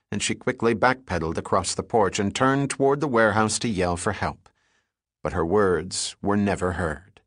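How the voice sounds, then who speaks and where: A man narrates an action thriller in a steady, even storytelling delivery. His voice sits low. The sound is dry and close, with no room echo. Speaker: audiobook narrator. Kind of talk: scripted narration.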